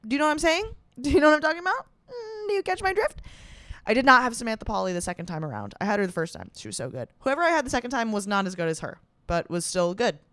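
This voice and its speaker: A young woman riffs through a comedy podcast monologue in a chatty, sarcastic ramble, swearing freely. Her voice comes across smooth and clear, close to the mic in a dry, dead room. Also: on the high side, very animated, fast talker, a bit bright, no echo. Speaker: podcast host.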